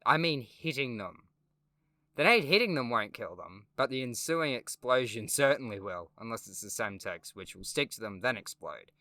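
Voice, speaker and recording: Young man, gaming host, bright and sharp tone, casual review chat, sarcastic, swears, rambles with ums. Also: medium pitch, expressive, moderate pace, dry recording. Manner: sarcastic, swears casually, self-deprecating jokes; rambling with ums and repeated words. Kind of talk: casual game review commentary.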